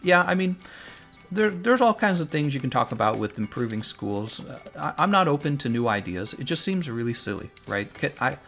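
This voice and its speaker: A man's voice: medium pitch, big pitch swings, normal speed, gravelly, a bit bright, soft background music. A young adult man streaming a game, chatting casually and with strong opinions, laughing often. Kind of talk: casual livestream chat while playing.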